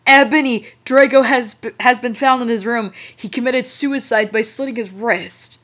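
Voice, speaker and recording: A woman's voice: on the high side, normal speed, a bit bright, natural voice. A woman reading the lines of an upset old male headmaster wizard from a story, in a voice close to her own. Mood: grave. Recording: muffled lo-fi audio.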